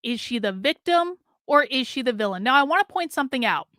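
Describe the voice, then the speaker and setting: A woman hosts a livestream in a blunt, chatty way, full of fillers. Her voice is bright and pitched a little high. The sound is close and dry. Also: lively intonation, brisk, dry recording. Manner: blunt, conversational, many fillers. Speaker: livestream host. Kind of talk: livestream commentary reading chat.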